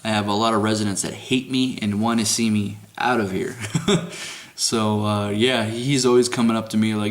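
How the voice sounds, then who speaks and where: A man's voice: fairly low pitch, steady tone, moderate pace. A man working as a security guard, telling casual, profane work stories outdoors at dusk and laughing now and then. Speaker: security guard at a residential lake. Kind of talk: casual vlog rant.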